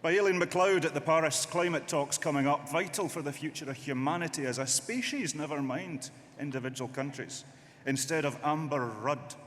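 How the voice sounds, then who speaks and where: A man speaks from a lectern in a large conference hall, his voice trailing off in a long reverb. He pitches his voice a little higher than most men and drives his points home with emphatic repetition, while a faint hiss sits underneath. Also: normal speed, fairly bright tone. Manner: impassioned, rhetorical, emphatic repetition. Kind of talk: political conference speech.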